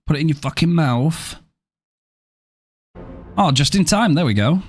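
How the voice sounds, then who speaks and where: A man's voice: a little high, expressive, a little slow, pauses often. A man live-streaming a game, chatting casually and playfully, joking and thanking viewers by name, with casual swearing.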